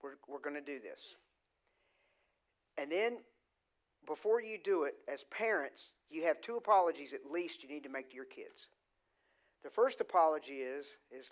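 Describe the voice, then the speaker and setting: A man's voice: fairly high pitch, lively intonation, moderate pace, long pauses. A middle-aged man preaching a conversational, emphatic sermon in a church, often voicing the words a parent might say. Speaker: guest preacher. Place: church sanctuary.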